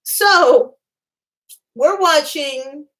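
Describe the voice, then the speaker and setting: A woman casually telling self-mocking, animated stories to a live chat. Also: sits high, very slow. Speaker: channel host.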